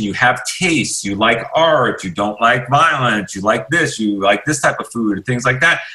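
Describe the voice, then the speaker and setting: A man's voice: medium pitch, pushed and bright, poor audio. A man, an author, talking as a radio interview guest in a reflective, rambling way with many restarts. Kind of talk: casual interview talk. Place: radio studio.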